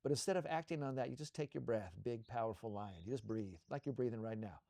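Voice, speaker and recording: A man co-hosting a show, leading a slow guided visualization with soothing, repetitive coaching cues. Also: mid-range voice, gravelly, dark tone, dry recording, clean studio sound.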